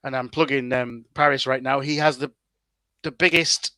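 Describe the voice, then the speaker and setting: A man's voice: medium pitch, steady tone, moderate pace, bright, forceful tone, no echo. A man, chatting as a guest content creator in a casual interview, full of fillers and restarts.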